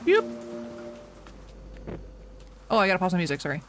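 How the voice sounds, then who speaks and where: A young man livestreaming a game and chatting easily with viewers. His voice sits high and bounces around a lot, chatty and self-mocking, with faint background sound behind him. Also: huge pitch swings, moderate pace, a bit bright, a little hiss or hum. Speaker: streamer. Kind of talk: casual gameplay chat.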